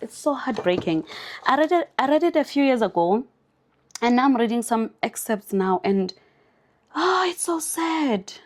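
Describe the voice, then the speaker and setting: A South African woman vlogging in an expressive, emphatic and heartfelt way, chatting casually and reading a passage aloud. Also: mid-range voice.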